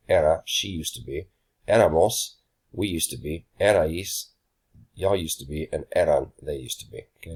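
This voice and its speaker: Very deep-voiced man teaching a casual lesson. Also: breathy edge. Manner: relaxed, many ums and uhs, says y'all. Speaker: Spanish teacher. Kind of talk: casual recorded grammar lesson.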